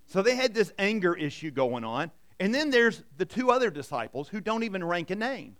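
A pastor preaching a sermon, animated and conversational, acting out Bible characters in casual voices. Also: male voice, sits high, fairly quick.

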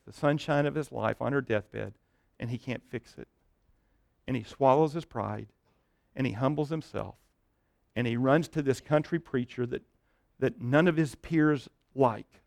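A man preaching a sermon, telling a Bible story with lively energy, dropping to a hush at tender moments and often repeating words as he goes. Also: mid-range voice, a little slow, gravelly, long pauses, no room sound, studio quality. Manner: repeats words and restarts while thinking aloud. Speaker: pastor.

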